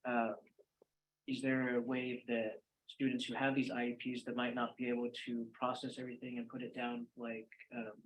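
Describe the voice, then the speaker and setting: A young man speaks haltingly, with lots of "um" and "uh". His pitch stays flat and even. Faint room noise is heard behind him. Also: rough recording. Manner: hesitant, many fillers. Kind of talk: hesitant meeting report.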